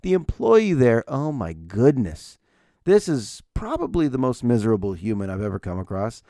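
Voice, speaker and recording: A man in his forties hosts a solo podcast, spinning everyday stories with sarcasm and acting out the people in them. His pitch leaps up and down as he tells them. His tone is mellow, and the sound is dry and close. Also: wildly swooping pitch, moderate pace, no echo. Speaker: podcast host. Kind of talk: casual solo storytelling.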